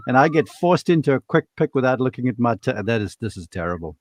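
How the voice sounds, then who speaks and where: A man's voice: medium pitch, big pitch swings, a little fast, noisy background. Laughing, self-mocking man on a panel. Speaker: podcast panelist. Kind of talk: casual banter. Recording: dry close mic.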